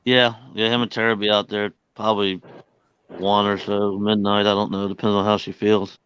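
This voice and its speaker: Man, deepish voice, blunt wisecracks, muffled lo-fi line. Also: flat delivery, normal speed, a bit bright, clear, resonant tone, no room sound. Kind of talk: casual chat.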